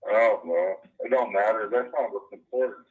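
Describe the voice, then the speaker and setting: Over a muffled phone line, a man with a lowish, husky voice talks at a normal speed. The call gets heated: he preaches, then swears and rants, rambling and restarting again and again.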